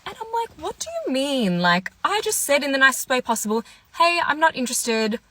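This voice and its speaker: A sing-song voice that sits high and sounds a bit bright carries this fairly quick telling. The speaker, a woman in her 20s, casually relates a dating tale in a story-time monologue, acting out everyone's lines.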